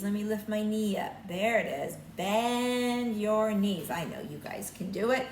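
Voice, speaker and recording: An older woman teacher reading a picture book aloud to young children and showing the signs, in a slow, sing-song storytime voice. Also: medium pitch, very animated, a little hiss or hum. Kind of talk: read-aloud lesson with sign language for children. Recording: echoey room, mic at a distance, faint ambience.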